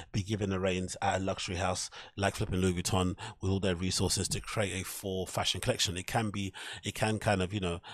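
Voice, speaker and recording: A man's voice: low voice, no room sound, studio quality. A man hosting a podcast, giving a blunt, rambling review full of fillers and strong opinions. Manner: blunt, opinionated, rambling with many "um"s and "you know"s. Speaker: podcast host. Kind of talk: casual fashion review commentary.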